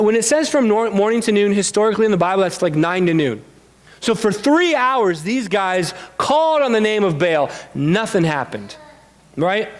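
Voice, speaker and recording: A man preaching a sermon as pastor, telling a Bible story in a lively, animated way and acting out the characters' lines. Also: high voice. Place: church sanctuary.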